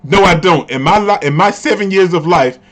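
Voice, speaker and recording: A man voicing a quiet, gentle young wolf boy while reading a comic aloud, in a fairly high voice. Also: a little fast. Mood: earnest.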